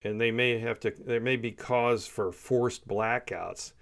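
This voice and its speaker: A man's voice: medium pitch, steady tone, a little slow, creaky. A man giving heated, emphatic political commentary, often repeating himself for emphasis. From United States. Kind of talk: opinionated solo commentary.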